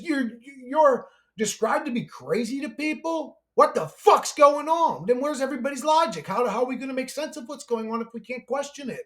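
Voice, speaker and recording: High-voiced man in a profane rant. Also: lively intonation, brisk, hardly any pauses. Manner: profane, exasperated, rising to shouting. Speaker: YouTuber ranting to camera. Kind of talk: angry conspiracy rant.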